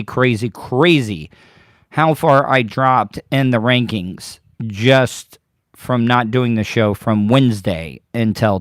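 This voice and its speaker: A man's voice: medium pitch, smooth, no echo, clean studio sound. A man hosting a podcast livestream from home, talking casually and rambling straight to his viewers. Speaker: podcast host. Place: home, birds outside.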